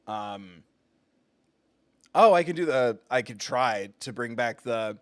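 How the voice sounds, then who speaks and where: A man's voice: mid-range voice, slow pace, clear, resonant tone, no room sound. A man streaming a game live, chatting casually and self-deprecating, laughing often. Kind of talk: casual live gameplay commentary.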